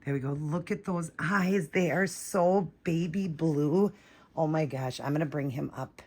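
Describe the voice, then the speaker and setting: A woman vlogging an unboxing, gushing and breathless, shaky with excitement, repeating herself as she talks to viewers. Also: deep voice, measured pace. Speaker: vlogger unboxing a reborn doll.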